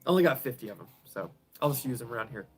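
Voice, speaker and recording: A man building pedals and hosting a casual live stream from his garage, answering viewers in a rambling way, often chuckling and trailing off quietly at the ends of thoughts. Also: mid-range voice, lively intonation, very fast, husky, soft background music. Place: home garage.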